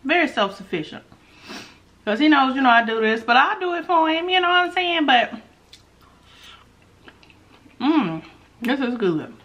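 A woman's voice: sits high, brisk, dull audio. A woman chatting to her viewers in a casual eating vlog, humming as she tastes and calling out to her audience. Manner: chatty and animated, savoring food with hums. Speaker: mukbang vlogger.

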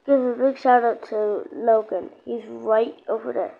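Female gamer host, high and gravelly, rambling, repetitive, prone to outbursts; muffled low-fi recording. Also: steady tone, measured pace. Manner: rambling, repeats herself, sudden exclamations. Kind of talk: casual gameplay commentary. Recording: dull lo-fi sound with faint noise.

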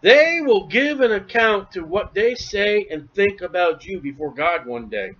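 A man preaching through scripture verse by verse, animated, with quick asides to the congregation and acted-out voices. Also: high voice. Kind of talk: expository sermon. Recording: dull lo-fi church recording.

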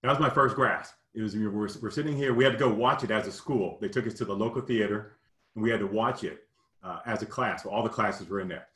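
A man from Kentucky earnestly recounting a childhood memory in casual storytelling, halting and full of "you know". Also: lowish voice, fairly bright tone, roomy sound. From Kentucky, US South.

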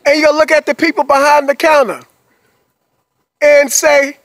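A man's voice: very high-pitched, flat delivery, moderate pace, long pauses, fairly bright tone, no echo. A man giving an upbeat motivational monologue. He talks in a repetitive, coaxing way, checks in with listeners after almost every phrase, and laughs playfully between points. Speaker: motivational speaker.

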